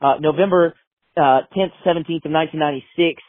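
A man's voice: a little high, quick pace, no echo. A man in his twenties calling in to a sports show, rambling and exasperated. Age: 20s. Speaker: caller. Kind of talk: phoned-in voicemail. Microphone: phone. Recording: tinny dry phone line.

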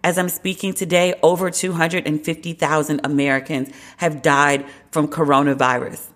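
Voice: medium pitch, flat delivery, moderate pace, fairly bright tone. A podcast host giving casual, candid commentary alone, wry and opinionated, with slangy asides.

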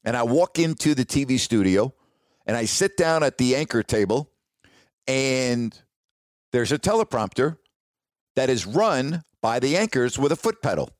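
A sportscaster telling a personal career story in a casual, animated, ad-libbed way. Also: male voice, medium pitch, normal speed, no echo, clean studio sound. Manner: casual, animated retelling with ad-lib restarts.

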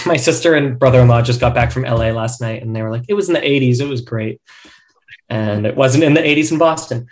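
A man's voice: medium pitch, a little fast. A man hosting a casual sports podcast, laughing often and keeping the banter upbeat. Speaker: podcast host.

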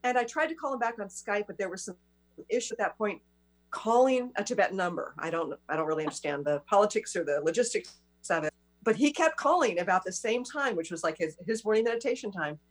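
A woman's voice: mid-range voice, expressive, fast talker. A woman hosting an interview, chatting casually and affirming her guest often. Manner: warm listener, frequent affirmations. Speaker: host.

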